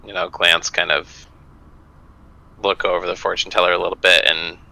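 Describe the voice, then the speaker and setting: A man with a very deep yet strikingly bright voice describes his character thoughtfully. He keeps an easygoing, casual delivery. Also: level tone, moderate pace, vocal fry, poor audio. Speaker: player.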